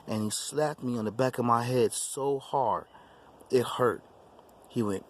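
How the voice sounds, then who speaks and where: A man's voice: mid-range voice, unhurried. A man hosting his own channel, telling a personal testimony story in an emphatic, repetitive way. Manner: repetitive, emphatic, restarts phrases. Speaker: YouTube channel host.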